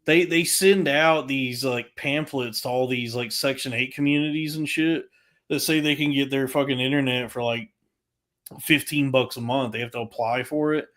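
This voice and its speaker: A man's voice: medium pitch, normal speed. A man talking casually on a podcast, telling a rant in a crude, profanity-heavy way with lots of restarts. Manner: animated, frequent restarts.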